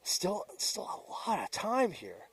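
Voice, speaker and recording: A man with a Boston accent giving relaxed, joking color commentary on a live paintball match. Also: high voice, measured pace, breathy edge, far from the mic. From Boston area. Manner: relaxed, joking banter with co-host.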